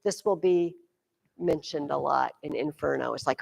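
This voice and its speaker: A woman teaching a high school class, explaining with energy and acting out quotes dramatically. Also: moderate pace, creaky, big-room sound. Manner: lively, acts out quotes dramatically. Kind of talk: classroom lecture.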